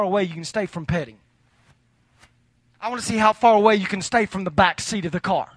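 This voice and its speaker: A man's voice: high-pitched, brisk, no echo. A man preaching a morning sermon, moving from earnest warnings to a long joke told with character voices. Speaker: pastor.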